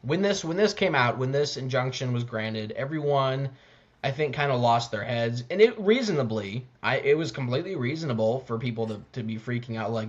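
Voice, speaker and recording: A man co-hosting a casual sports podcast, speaking haltingly with many repeated words and restarts. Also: medium pitch, lively intonation. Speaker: podcast co-host. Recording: slightly dull lo-fi mic.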